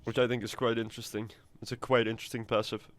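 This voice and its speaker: A man's voice: mid-range voice, little pitch movement, fast. A man giving casual, rambling gameplay commentary, swearing now and then. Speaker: gamer.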